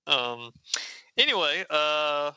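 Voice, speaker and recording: Bright-voiced man recapping a comic. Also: a little high, sing-song, slow pace, smooth, no echo, highs cut off. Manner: reads character quotes in raised playful voices. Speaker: podcast host reading a comic aloud. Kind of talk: casual comic recap chat.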